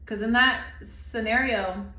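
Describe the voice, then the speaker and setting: A woman in her thirties gives a heartfelt tarot reading, her voice sitting a little high. She rambles and restarts as she reaches for the right words, getting emotional along the way. The recording carries a noticeable room echo. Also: slow pace, bright, forceful tone. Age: 30s. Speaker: tarot reader. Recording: echoey room.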